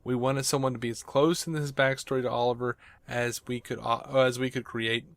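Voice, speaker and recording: A man's voice: medium pitch, little pitch movement, fairly quick, fairly bright tone, no room sound. Podcast guy reading news bits, laughs a lot, mid voice, dry mic. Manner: reads quotes then jokes and laughs easily.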